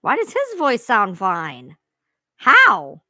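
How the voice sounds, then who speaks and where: A woman rambles to her live-stream viewers in a high, bright voice. She talks casually, swears freely and laughs at herself. The sound is close and dry. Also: wildly swooping pitch, takes it slowly, no room sound. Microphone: own streaming mic sounding odd.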